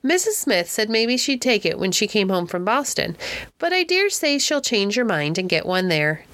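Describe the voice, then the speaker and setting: A woman's voice: medium pitch, sing-song, moderate pace, fairly bright tone. A woman reading the part of an eager, good-hearted young boy in a storybook.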